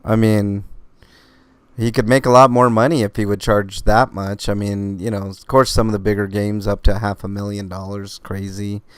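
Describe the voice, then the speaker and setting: A man hosts a live podcast in a loose, meandering way, leaning on fillers and fighting off hiccups. His voice sits a little low and sounds smooth and resonant. The recording is dry and close, with no room sound. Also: flat delivery, moderate pace, no echo. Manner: rambling, filler-heavy, laid-back. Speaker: podcast host. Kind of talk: casual live-stream podcast chat.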